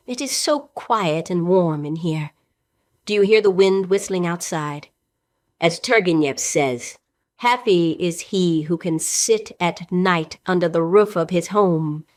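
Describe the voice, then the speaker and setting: A woman reading the role of a weary, fragile young actress in a play reading, with heartfelt, halting delivery. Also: lowish voice, dry recording, studio quality, lightly acted. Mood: wistful.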